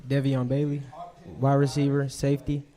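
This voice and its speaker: A young man, a high school football player, giving brief mumbled answers in an interview. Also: completely flat delivery, moderate pace, dark tone. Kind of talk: casual interview.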